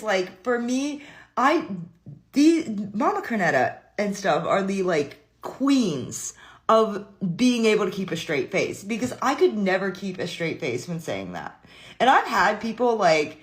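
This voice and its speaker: A woman in her thirties chats easily to camera, laughing her way through a family anecdote. Her voice sits at a middle pitch with nothing unusual in its tone. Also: big pitch swings, measured pace. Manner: giggly, breaks into laughter often. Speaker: storyteller. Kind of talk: casual storytelling to camera.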